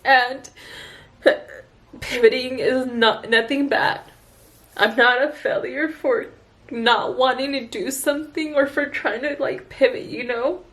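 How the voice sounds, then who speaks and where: Tearful woman vlogger with a fairly high voice, slow unhurried delivery, earnest and halting. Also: fairly even intonation, fairly bright tone. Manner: earnest, halting, with sighs and restarts. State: tearful, crying. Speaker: esthetician vlogger. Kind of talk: emotional personal vlog talk.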